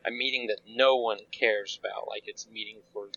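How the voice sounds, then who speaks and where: A podcast co-host with a bright, forward voice who rambles through his points, stopping and restarting with fillers. The sound is dry and slightly dull, a little lo-fi. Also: on the low side, steady tone, fairly quick, gravelly, dry recording. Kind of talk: casual chat.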